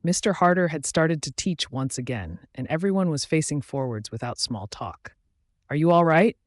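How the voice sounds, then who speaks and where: A man reading a first-person story aloud as narrator in a steady, even manner. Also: on the high side, moderate pace, no echo, studio quality.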